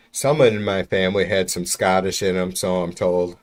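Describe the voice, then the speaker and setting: Male streamer, lowish voice, loose profane rambling chat, mic at arm's length. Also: a little mellow. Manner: rambling, profane, chatting to viewers. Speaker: livestreamer. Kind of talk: casual livestream chat. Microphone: mic about an arm's length away.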